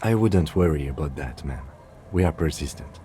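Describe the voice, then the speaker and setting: Calm, deep police lieutenant. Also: male voice. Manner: measured and polite.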